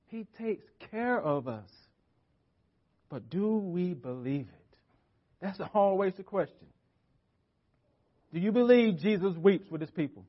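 High-voiced emphatic male preacher. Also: dull audio. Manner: emphatic, repetitive preaching with wide swings of loudness. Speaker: pastor. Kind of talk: sermon.

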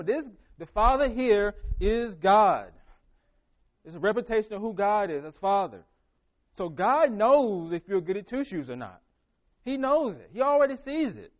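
High-voiced preaching man, lo-fi audio. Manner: preaching with repeated phrases and acted-out questions. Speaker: pastor. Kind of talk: sermon.

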